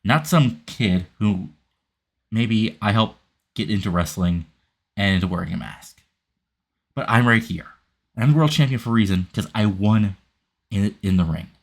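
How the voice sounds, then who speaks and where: Man reading a male champion wrestler, firm and defiant, low voice. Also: moderate pace, pauses often. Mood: challenging. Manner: firm, challenging.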